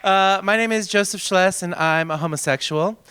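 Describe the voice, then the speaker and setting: A man's voice: high voice, moderate pace, noisy background. A man in his thirties with a sing-song voice doing a stand-up comedy set on a theater stage, into a handheld mic. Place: theater stage with live audience.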